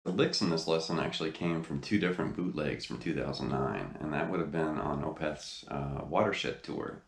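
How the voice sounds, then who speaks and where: A man's voice: very deep voice, moderate pace, creaky, reverberant. A man hosting a guitar lesson video, seated in front of a camera and chatting enthusiastically with lots of fillers. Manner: enthusiastic, rambling with many fillers. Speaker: guitar teacher, channel host. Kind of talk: casual video lesson talk. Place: indoor room, seated facing camera.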